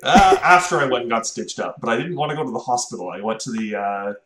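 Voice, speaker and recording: A man's voice: medium pitch, quick pace, a bit bright, roomy sound. A young man chatting casually on a podcast, jokey with hesitant fillers. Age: young adult. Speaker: podcast co-host. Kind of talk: casual chat.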